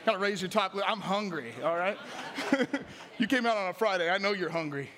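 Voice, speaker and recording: High-voiced, joking preacher man. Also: fairly quick. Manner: joking, animated preaching with crowd prompts. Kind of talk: sermon. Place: church.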